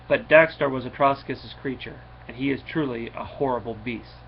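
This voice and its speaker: A man casually recapping a comic book issue in a rambling, halting way, with many fillers and restarts. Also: medium pitch, steady tone, vocal fry. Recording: slightly dull recording with faint noise.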